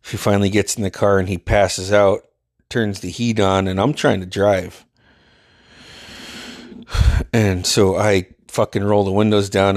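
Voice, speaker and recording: A man's voice: low voice, darkish tone, dry recording, clean studio sound. A man casually telling a profane, exasperated story and acting out what people said. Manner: profane, exasperated, acts out quotes.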